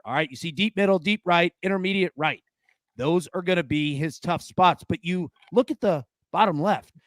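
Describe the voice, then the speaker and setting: A man's voice: sits high, a bit bright, dry recording. A man co-hosting a sports betting show, casually breaking down football stats and talking straight to the viewer. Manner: coaching tone, talks to the viewer directly.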